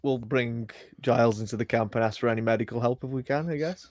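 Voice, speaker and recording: A man's voice: medium pitch, fast talker, a little mellow, no room sound. A man playing a tabletop game, offhand and laughing easily. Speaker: player. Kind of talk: casual tabletop play.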